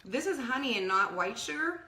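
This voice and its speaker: A woman's voice: on the high side, very animated, a little fast, sharp tone, roomy sound, slight background noise. A middle-aged woman co-hosting a casual cooking vlog, chatty and giggly, sometimes talking with her mouth full. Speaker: co-host. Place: home kitchen.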